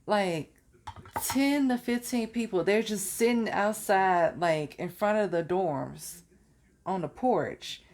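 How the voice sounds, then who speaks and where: Slow-talking woman telling college stories. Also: medium pitch. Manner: slow, relaxed, chatty, laughs at own story. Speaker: vlogger. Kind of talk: casual storytelling.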